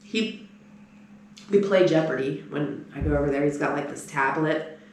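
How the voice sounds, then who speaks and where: A woman co-hosting a casual podcast, telling lively stories among friends. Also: moderate pace, heavy reverb, slight background noise. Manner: animated storyteller, mimics people in higher voices. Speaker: podcast co-host. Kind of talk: casual chat.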